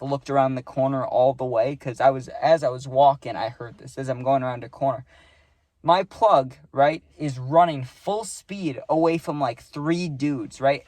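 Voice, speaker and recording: A man's voice: medium pitch, darkish tone, dry recording. A young man telling a casual storytime, rambling with lots of "like" and "right?", and swearing freely.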